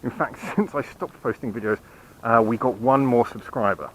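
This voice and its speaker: A man's voice: medium pitch, moderate pace, fairly bright tone, low-quality recording. A man hosting his channel, giving a rambling, apologetic update while walking outdoors at night and filming on a handheld camera, hiccuping now and then. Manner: rambling, apologetic, self-mocking. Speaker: channel host. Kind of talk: casual walking vlog update. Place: quiet city street at night, outdoors.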